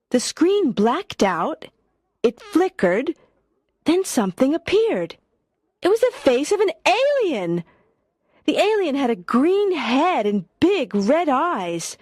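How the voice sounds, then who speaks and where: A woman narrating a story for English learners, slow, clear and expressive. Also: sits high, dry recording, clean studio sound.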